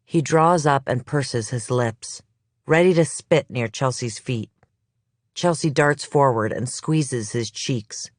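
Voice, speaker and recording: A narrator reads a suspense audiobook slowly and evenly, in a measured storytelling voice of middle pitch. The sound is dry and close, with no room echo. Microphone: close studio mic.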